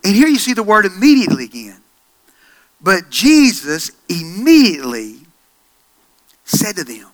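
A middle-aged male pastor preaching a sermon, swinging from hushed storytelling to loud, excited passages. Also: high voice, a little slow.

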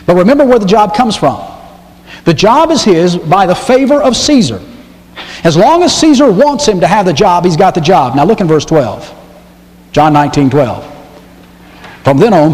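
Emphatic preacher in a reverberant church. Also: male voice, high-pitched, a little mellow. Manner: emphatic, repeats key phrases, reads scripture aloud. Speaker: pastor. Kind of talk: sermon. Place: church sanctuary. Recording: long hall reverb.

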